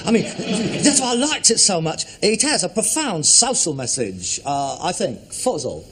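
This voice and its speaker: A pretentious, touchy son. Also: male voice, high voice, big pitch swings, moderate pace, fairly bright tone. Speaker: amateur actor, grown son. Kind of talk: sitcom acting. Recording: noisy old TV audio.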